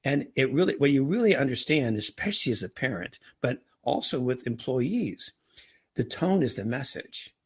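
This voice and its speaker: A man's voice: medium pitch, sing-song, normal speed, breathy edge. A middle-aged man talking casually as a podcast guest, often restarting and repeating words. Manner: frequent restarts and stammered repeats. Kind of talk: casual interview talk.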